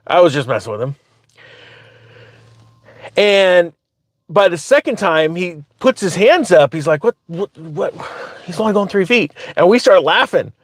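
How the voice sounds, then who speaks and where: A man hosting his own channel, telling a story in a casual, animated way and often laughing as he talks. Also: sits high, moderate pace, long pauses, dry recording. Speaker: finance commentator, channel host.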